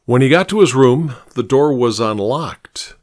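A man reading a noir story as narrator, slow, measured and even. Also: mid-range voice, no room sound, studio quality.

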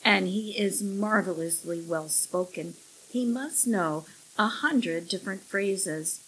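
A woman's voice: medium pitch, takes it slowly, fairly bright tone, breathy edge, low-quality recording. A woman voicing a fussy middle-aged woman who owns a pet shop, talking in sugary sales patter. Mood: coaxing.

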